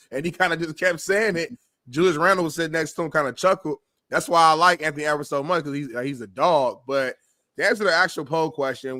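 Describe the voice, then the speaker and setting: A man co-hosting a sports talk show talks through his predictions in a steady, reasoning way. His voice sits a bit higher than most men's. It is recorded dry and close, with no room sound. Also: no echo. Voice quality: measured, reasoning, conversational.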